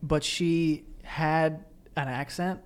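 A young man co-hosting a podcast, talking in a loose, rambling way. His voice sits a little high. He laughs easily and keeps the chat casual. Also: steady tone, slow, clean tone. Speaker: podcast co-host.

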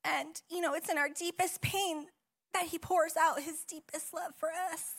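A woman pastor with a bright, extremely high, steady voice gives a personal testimony sermon in a church auditorium at normal speed. She's emotional and sometimes tearful, warm and encouraging, speaking conversationally with frequent fillers and laughs.

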